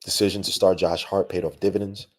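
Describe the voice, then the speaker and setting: A young man hosting a live post-game basketball podcast, talking in an animated, slangy, ranting way with lots of asides. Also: deep voice, fast. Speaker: podcast host.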